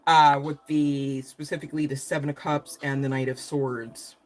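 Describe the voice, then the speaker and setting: A woman's voice: deep voice, level tone, normal speed, slight background noise. A woman giving a live tarot reading, talking casually, laughing often and swearing in a cheeky way. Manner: swears casually, uses slang. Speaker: tarot reader.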